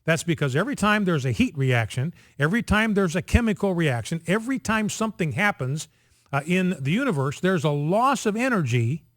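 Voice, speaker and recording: A man's voice: high-pitched, big pitch swings, brisk, no room sound, studio quality. A male radio host giving an emphatic, repetitive monologue that drills each point home with insistent repetition. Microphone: studio microphone.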